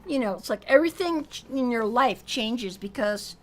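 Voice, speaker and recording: A woman's voice: fairly high pitch, normal speed, a little hiss or hum. A middle-aged woman co-hosting a casual music chat, talking in a thoughtful, musing way. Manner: musing, thoughtful, lively when excited. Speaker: co-host, mother. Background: song playing faintly.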